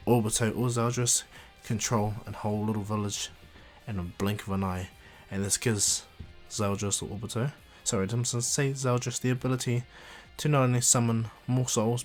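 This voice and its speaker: A man's voice: on the low side, steady tone, normal speed, soft background music. A man casually retelling an anime crossover fan story, rambling and correcting himself as he goes.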